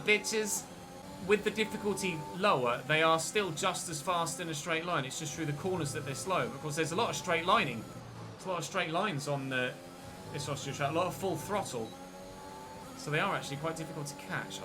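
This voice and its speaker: A man streaming a racing game, commentating his race excitedly and joking with his viewers. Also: fairly high pitch, background noise. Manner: excitable, jokey, talks to viewers. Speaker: gaming streamer.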